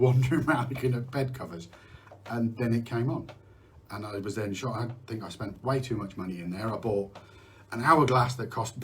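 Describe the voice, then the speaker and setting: A middle-aged UK host talks candidly about mental health in a live session, rambling and restarting his sentences, with occasional swearing. His medium-pitched voice is a bit bright, with slight background noise.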